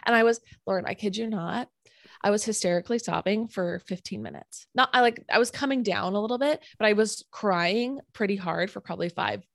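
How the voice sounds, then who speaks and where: A woman telling a personal story in casual chat, animated and full of "like" fillers. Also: medium pitch, fairly quick, vocal fry, no room sound, studio quality. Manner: animated, filler-heavy retelling with many "like"s.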